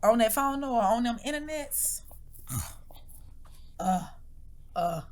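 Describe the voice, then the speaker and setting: A woman co-host tells a story in loose, profane chat, her fairly high voice leaping up and down. She acts out each person's lines, bursts into laughter and at times sinks to a whisper. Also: lively intonation, takes it slowly, long pauses. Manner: laughs hard, drops to whispers. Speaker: podcast co-host.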